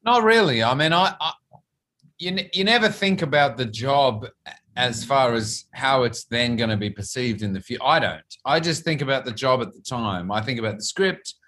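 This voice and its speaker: A middle-aged man with an Australian accent talks through his answers in a relaxed interview. He often repeats a word while he works out what to say next. His voice sits at an ordinary pitch for a man. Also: normal speed. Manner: thoughtful, repeats words while searching for phrasing. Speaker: actor guest.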